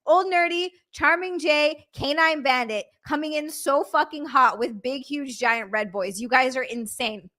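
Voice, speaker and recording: A young woman on a live stream, her high voice bright and ringing. She gushes and thanks viewers breathlessly, swearing freely as she reads their messages aloud. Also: unhurried, few pauses. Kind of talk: live stream, reading out super chats.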